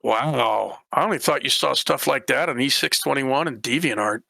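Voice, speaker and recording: A man's voice: mid-range voice, normal speed, vocal fry, pushed and bright, no echo. A man running a tabletop game as game master, narrating in a rambling way and voicing characters.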